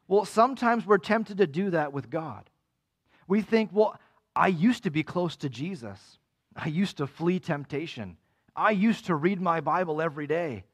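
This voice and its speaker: A man preaching a sermon as pastor, animated and acting out quoted voices with big swings in pitch. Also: moderate pace.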